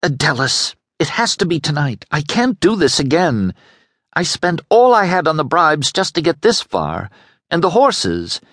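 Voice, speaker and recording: A man's voice: mid-range voice, very animated, measured pace, fairly bright tone, no room sound, clean studio sound, voice pushed up. A man voicing a determined young noblewoman in an audiobook, urgent and pleading. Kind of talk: audiobook character voice.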